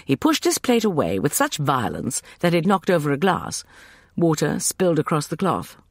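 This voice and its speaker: Animated male audiobook narrator. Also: on the high side, moderate pace, no room sound, clean studio sound. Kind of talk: scripted first-person narration.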